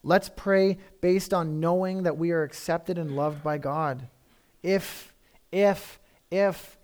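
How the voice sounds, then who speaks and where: High-voiced man preaching with emphasis. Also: takes it slowly, darkish tone. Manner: conversational, emphatic preaching with repeated phrases. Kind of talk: sermon.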